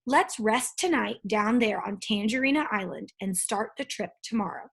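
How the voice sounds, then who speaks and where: A woman's voice: mid-range voice, animated, moderate pace, vocal fry, a bit bright, breathy edge, heavily acted. A woman reading aloud, voicing a cheerful young boy hero in a storybook with an eager, friendly voice.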